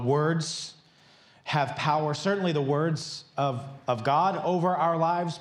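A man preaching a sermon in a large church, chatting and joking with the congregation before reading from scripture. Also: fairly high pitch. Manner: conversational and playful, joking with the congregation. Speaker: pastor. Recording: echoey church hall.

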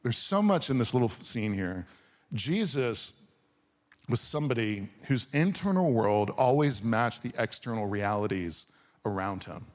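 Pastor, man in his forties, chatty sermon delivery, animated, goes from hushed to loud. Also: mid-range voice. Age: 40s. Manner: casual, animated, swings from soft and slow to loud. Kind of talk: conversational sermon. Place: church or auditorium before a congregation.

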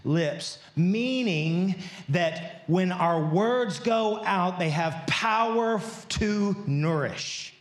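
A man's voice: high voice, lively intonation, drawn-out words. A man preaching a sermon in a large church, chatting and joking with the congregation before reading from scripture. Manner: conversational and playful, joking with the congregation. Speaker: pastor. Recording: echoey church hall.

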